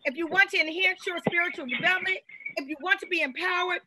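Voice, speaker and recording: A woman preaching a rousing sermon over a video call, building to shouted call-and-response. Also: extremely high pitch, fast talker, noisy background. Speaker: guest minister.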